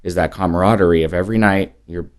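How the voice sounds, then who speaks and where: A man's voice: sits low, steady tone, fast, clean tone. A man in his forties, chatting casually as a podcast guest, rambling with fillers and restarts. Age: 40s. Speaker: podcast guest, whiskey brand rep. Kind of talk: casual chat.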